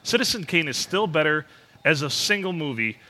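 A man co-hosting a podcast, chatting casually and joking around with frequent laughter. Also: fairly high pitch. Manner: joking, animated, quick to laugh. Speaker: podcast co-host.

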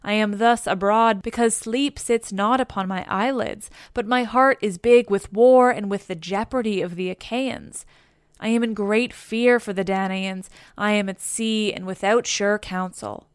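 A woman's voice: medium pitch, a little slow, clear, resonant tone, no room sound, clean studio sound, close to an everyday voice. A woman reading the lines of a troubled male warrior king in an anxious, formal manner, in her own voice. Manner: anxious, formal old-fashioned speech.

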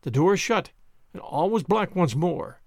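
A man reading a story aloud in an expressive, dramatic way. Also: high voice, a little slow, no echo, clean studio sound. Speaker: narrator.

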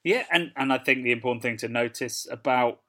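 A British man co-hosts a casual podcast, laughing as he tells stories and reads out comments. His mid-range voice is brisk, pushed and bright.

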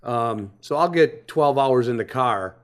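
A man hosting a podcast, talking in a relaxed, rambling way and often restarting his sentences. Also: mid-range voice, measured pace. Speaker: podcast host. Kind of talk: casual podcast chat.

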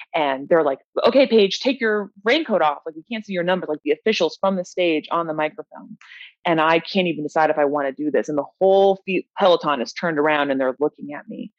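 A woman's voice: sits low, dry recording. A young woman, a bike racer, giving open and reflective interview answers, with many "you know" fillers. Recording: dull, dry lo-fi audio.

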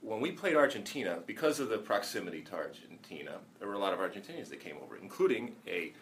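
A former soccer player telling a story in casual chat, halting with fillers and restarts. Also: male voice, fairly low pitch, sing-song, a little hiss or hum. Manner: rambling, halting anecdotes with many fillers and restarts.

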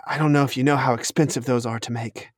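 A man's voice: mid-range voice, steady tone, fast talker, dry recording, studio quality, lightly acted. A man voicing a mysterious, secretive robed woman who sounds haughty and guarded.

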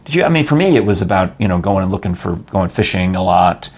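A man's voice: low voice, expressive, fast talker, a little mellow. An older man hosting a casual chat show, chatty and jokey, rambling into asides. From New York. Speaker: podcast host.

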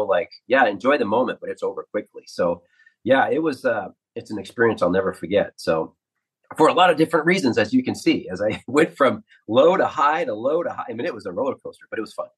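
Man in his 50s, ex-ballplayer guest, husky lower voice, lively storyteller. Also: fast talker, poor audio. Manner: animated anecdotes, acts out quotes. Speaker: former ballplayer, radio analyst. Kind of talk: storytelling interview.

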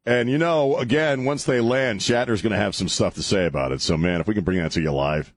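A man's voice: fairly low pitch, a little fast. A man hosting a talk radio show, rambling and joking in a casual on-air chat, often chuckling as he talks. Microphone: studio broadcast mic.

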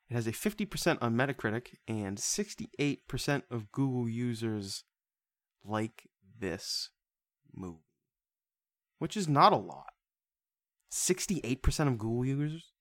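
A podcast co-host chatting casually, rambling and joking crudely with frequent laughter. The voice sits in a middle pitch. The recording is close and dry. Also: fairly bright tone, dry recording.

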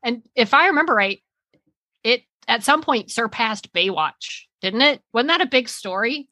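A woman co-hosting a podcast, talking casually and piling up half-finished thoughts before landing on her point. Her voice is bright and forward, recorded close and dry with no room sound. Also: a little high, animated, normal speed, dry recording, low-quality recording. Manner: chatty, trailing off and restarting mid-thought. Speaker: podcast co-host. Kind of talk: casual chat.

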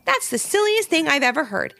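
A woman voicing an excitable, stubborn little girl with a shrill, whiny voice. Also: brisk, vocal fry, exaggerated voice. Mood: excited.

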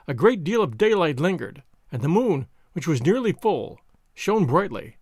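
Male audiobook host, gravelly texture, slightly higher voice, dry close sound, steady expressive reading. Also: normal speed, dry recording. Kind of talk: audiobook narration.

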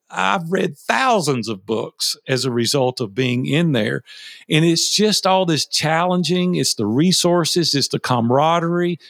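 A man in his fifties, a guest telling personal stories in a folksy, animated way, acting out past conversations. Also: fairly high pitch, gravelly, no echo, clean studio sound. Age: 50s. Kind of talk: interview storytelling.

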